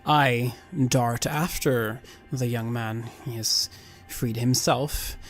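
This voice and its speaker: Slow-speaking man playing a cleric. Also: mid-range voice, fairly even intonation, soft background music. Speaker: player. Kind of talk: tabletop game play, in-character narration.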